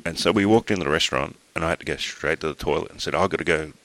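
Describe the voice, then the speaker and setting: A man's voice: very deep voice, very fast, fairly bright tone. An Australian man, a middle-aged podcast host, tells a rambling personal story in casual chat, restarting his sentences and swearing offhandedly.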